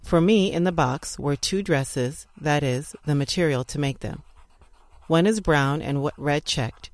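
An audiobook narrator reading old letters aloud in a measured, even storytelling delivery. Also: medium pitch, no echo.

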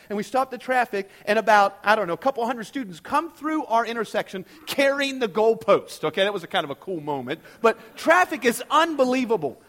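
A middle-aged man preaching a sermon, telling a story in an animated way and often checking in with the listeners. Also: sits high. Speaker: pastor.

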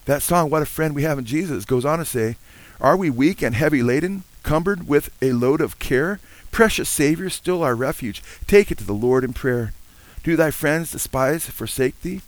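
An older pastor preaches an earnest, warm-hearted sermon full of amens, now and then breaking into lines of a hymn between his teaching. His voice is a little high and moves at a moderate pace with hardly any pauses. The audio is poor, though there's no room sound.

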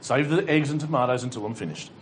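A man's voice: medium pitch, fast, slight background noise. A male pastor preaching a sermon to a congregation, fervent and exhorting, with dry humorous asides. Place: church hall with congregation.

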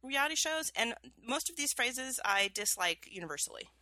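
A woman co-hosting a podcast, chatting in a lively way. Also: on the high side, moderate pace, no echo. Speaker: podcast co-host. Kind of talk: casual chat.

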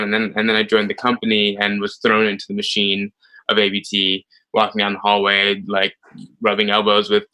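Young male dancer, interview guest: low but bright voice, relaxed storytelling with fillers. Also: low-quality recording. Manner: chatty, many ums, animated retelling.

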